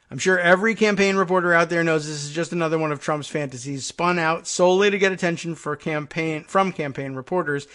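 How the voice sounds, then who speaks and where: A man's voice: a little high, fairly bright tone. Sarcastic, exasperated man hosting a podcast. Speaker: host. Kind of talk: political commentary podcast.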